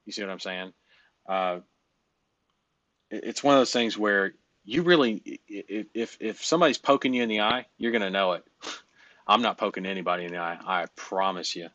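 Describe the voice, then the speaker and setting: A man's voice: lowish voice, moderate pace, pushed and bright, no room sound, lo-fi sound. A man coaching in a casual, rambling way, blunt and full of fillers and cursing. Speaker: business coach.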